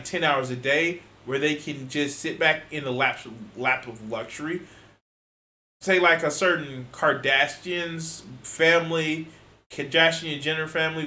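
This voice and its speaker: A man's voice: on the high side, pushed and bright. A man reacting to a video with exasperated, profanity-laced, sarcastic commentary. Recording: echoey room.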